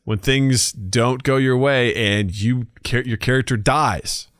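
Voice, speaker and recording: A man co-hosting a podcast in casual chat, telling stories with lively acted-out quotes. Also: medium pitch, slow pace, no echo, clean studio sound. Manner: animated storyteller, acts out quotes. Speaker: podcast co-host.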